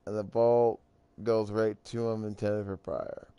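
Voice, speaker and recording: A tired man yawning his way through a casual recap of a football video game, talking in slow, halting phrases that trail off. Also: on the low side, little pitch movement, mellow, no echo. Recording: clear background noise.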